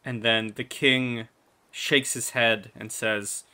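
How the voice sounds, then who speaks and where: A man's voice: medium pitch, steady tone, takes it slowly, bright, forceful tone. A man narrating a tabletop game as game master, describing scenes in detail.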